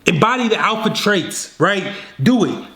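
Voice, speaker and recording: A man making a dating advice video, talking straight to the viewer in a slangy, scolding, animated way. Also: high voice, a little slow, reverberant. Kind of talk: direct-to-camera coaching.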